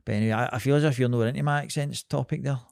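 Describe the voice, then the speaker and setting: A young Scottish man with a Glasgow accent talks in a blunt, rambling way, swearing freely. His voice sits at an ordinary pitch. The sound is dry and close, with no room around it. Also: steady tone, racing, vocal fry, a little mellow, clean tone, dry recording. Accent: Scottish, Glasgow area. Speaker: podcast co-host. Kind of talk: casual chat.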